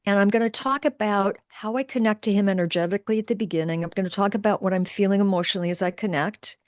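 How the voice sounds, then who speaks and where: A middle-aged woman, a spiritual teacher on a video call, explains her process with lively energy, then softens into hushed, slow meditative speech. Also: mid-range voice, no room sound, clean studio sound. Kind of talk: guided demonstration with narration.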